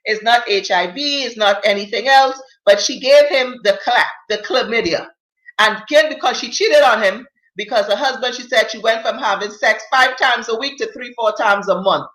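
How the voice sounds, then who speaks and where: A woman's voice: a little high, normal speed, a bit bright, reverberant, poor audio. A woman hosting a live talk show, reading viewer comments and giving blunt, emphatic opinions in casual slang.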